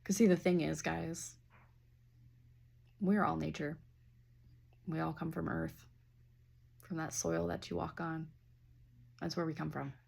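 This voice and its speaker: A woman giving a casual spiritual reading and leading slow breathing, talking loosely with fillers and the odd swear word. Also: deep voice, little pitch movement, vocal fry, husky. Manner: slows down and softens into near-whispers. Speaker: intuitive reader.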